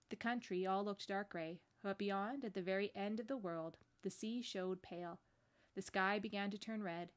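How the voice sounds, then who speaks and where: A woman pastor reads a children's storybook aloud in a gentle, steady voice. Her pitch sits in a middle range.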